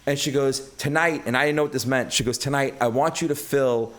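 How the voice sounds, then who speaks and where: With a mid-range voice and a brisk pace, a middle-aged Brooklyn native guests on a podcast. He tells casual stories packed with cursing and animatedly acts out what people said.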